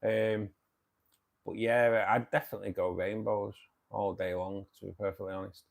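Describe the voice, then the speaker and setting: Chatty Manchester man, lowish voice. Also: little pitch movement, moderate pace, gravelly. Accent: Manchester English. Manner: chatty, reads and answers viewer comments. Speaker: livestream host. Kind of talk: casual livestream chat.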